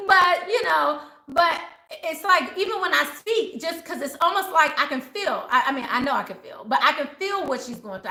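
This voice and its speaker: A middle-aged woman, a spiritual advisor, talking casually and animatedly to her viewers and acting out what people say. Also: sits high. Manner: animated, acts out quoted voices. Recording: roomy echo.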